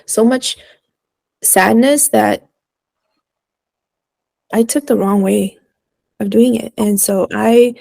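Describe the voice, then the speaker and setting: A young woman speaks candidly on a podcast, her voice carrying a gravelly, creaky texture. She recounts things in halting bursts and pauses. The sound is dry and close, with no room around it. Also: medium pitch, fairly even intonation, warm tone, no echo. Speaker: guest. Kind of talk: personal storytelling in a podcast conversation.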